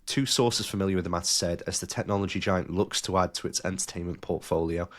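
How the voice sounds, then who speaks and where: Joking lower-voiced male podcast host. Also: fast. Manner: jokey, reads news aloud with asides. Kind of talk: casual chat.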